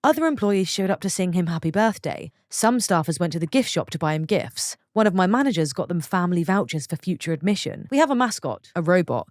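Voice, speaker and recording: A woman with a lively voice that swoops up and down and sits a little low, reading online stories and breaking off to react to them. The sound is dry and close, with no room around it. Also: brisk, hardly any pauses, dry recording. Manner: expressive, reacting aloud between stories. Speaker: story narrator.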